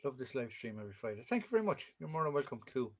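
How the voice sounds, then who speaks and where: Irish man, livestream host, loose chatty delivery, plenty of ums and uhs, mid pitch. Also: big pitch swings, racing. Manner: chatty and joking, with frequent fillers. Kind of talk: casual live chat reading viewer comments.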